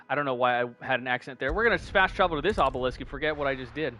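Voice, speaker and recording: Streamer: a man with rambling casual game commentary, soft game music behind him. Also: mid-range voice, racing. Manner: chatty, rambling, many fillers and restarts. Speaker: gaming streamer. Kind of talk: casual let's-play commentary.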